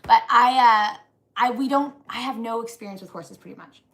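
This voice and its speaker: A woman from northern Canada co-hosting a casual homestead live stream, animated and laughing often with big swings in pitch. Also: normal speed. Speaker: co-host, homesteader wife.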